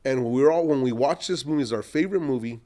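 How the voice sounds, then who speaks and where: Animated middle-aged man telling stories. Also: medium pitch, fast. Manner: animated anecdotes, acts out quoted people. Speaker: entrepreneur guest. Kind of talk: storytelling in a podcast interview.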